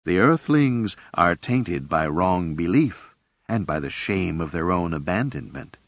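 A man's voice: low-pitched, expressive, unhurried, no room sound. A man voicing a mantis-legged alien hunter leader with a stern, commanding manner. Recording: dull lo-fi cassette audiobook.

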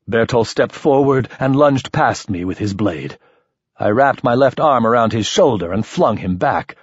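A man narrating a first-person story in an expressive, lively manner. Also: medium pitch, measured pace, husky, no room sound, lo-fi sound. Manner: expressive, shifting voices for characters. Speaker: audiobook narrator.

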